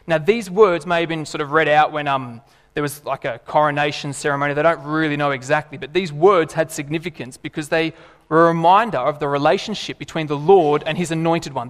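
A man, preaching a sermon in an animated, emphatic way. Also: a little high, in a large hall. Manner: animated, emphatic, laughs and acts out voices.

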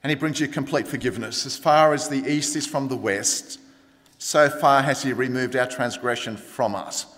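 A man's voice: mid-range voice, normal speed, fairly bright tone. A middle-aged man preaching a sermon in a conversational way, turning to the congregation with asides. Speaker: pastor. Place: church hall. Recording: long church reverb.

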